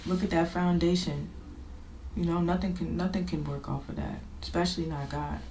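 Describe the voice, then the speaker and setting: Her voice is fairly low and dark with a level tone, and she speaks at normal speed. The woman is a podcast host giving an informal, emphatic, confessional account of her own life, reflecting as she goes. Faint noise and echo fill the room.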